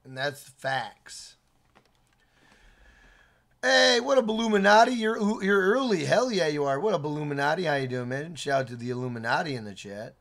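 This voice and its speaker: Dude streaming games, slightly high voice, loud, swears a lot, shouting out chat. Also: male voice, lively intonation, moderate pace. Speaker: game streamer. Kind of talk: live gameplay stream chat.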